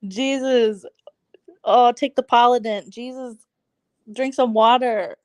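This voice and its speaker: A woman vlogger chatting casually on a late-night live stream from home on her phone, giggly and quick to react dramatically. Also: on the high side, steady tone, dry recording, studio quality. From Southern California. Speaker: vlogger hosting a live chat. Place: at home, settled somewhere comfy.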